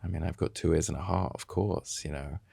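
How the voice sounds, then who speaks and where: A man's voice: extremely low pitch, steady tone, fairly quick, vocal fry, warm tone, breathy edge, dry recording. A man in his thirties, a podcast guest, chatting casually and rambling through fillers and restarts. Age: 30s. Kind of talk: casual chat.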